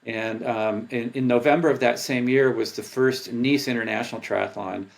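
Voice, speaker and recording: An older man, a former pro triathlete, telling stories in a casual interview, animated and laughing, acting out his past thoughts. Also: medium pitch, moderate pace, vocal fry. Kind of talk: casual storytelling.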